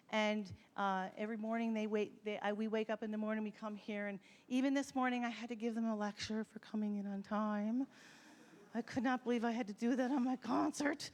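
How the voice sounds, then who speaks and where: A woman's voice: mid-range voice, steady tone, normal speed. A woman music teacher speaking at a school concert, informal and heartfelt, talking directly to her students. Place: school concert hall with an audience.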